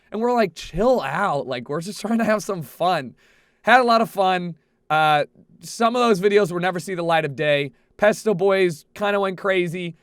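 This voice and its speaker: A young man vlogging a rambling party story, animated, with frequent restarts and swearing. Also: high voice, clean tone, dry recording, clean studio sound. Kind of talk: casual storytelling. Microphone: headset.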